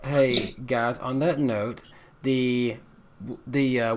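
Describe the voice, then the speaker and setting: A young man hosting a podcast, reading sponsor plugs in a hurried, stumbling way. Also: mid-range voice, a little mellow. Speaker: podcast host. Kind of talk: casual chat.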